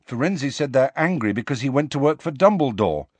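A man's voice: medium pitch, lively intonation, brisk, darkish tone, breathy edge, no room sound, pitched above the performer's own voice. A man voicing an earnest, wary teenage schoolboy who asks urgent questions.

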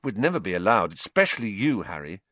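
A man doing a glum teenage boy, weak and flat, low, pretty quiet. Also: fast, no room sound, heavily acted. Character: gloomy teenage schoolboy, glum and weak-voiced.

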